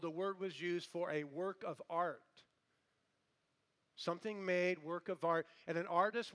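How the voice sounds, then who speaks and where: A middle-aged man preaching a sermon, moving between hushed, conversational asides and emphatic, loud declarations. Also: sits high. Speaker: pastor.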